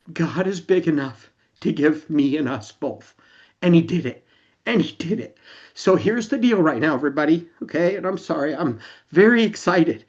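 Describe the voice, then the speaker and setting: A man's voice: on the high side, a little mellow, highs cut off. A man leading an online company announcement for his members, earnest and emotional, repeating himself for emphasis. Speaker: company founder addressing members.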